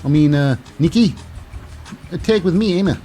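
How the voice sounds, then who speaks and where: A man's voice: a little high, lively intonation, normal speed, mellow, soft background music, natural voice. A man doing a jokey, exaggerated impression of a pushy Australian woman wrestler, in a put-on Australian accent. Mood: coaxing.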